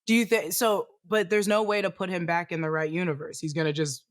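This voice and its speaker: An excitable co-host in casual chat who laughs easily and keeps apologizing mid-sentence. The voice sits at a middle pitch. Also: a little fast. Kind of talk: casual pop-culture discussion.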